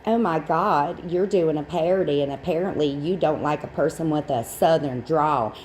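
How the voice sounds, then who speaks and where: A woman's voice: low voice, normal speed, a little mellow, slight background noise. A woman hosting a livestream, giving blunt, sarcastic, profane reaction commentary on clips. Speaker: stream host.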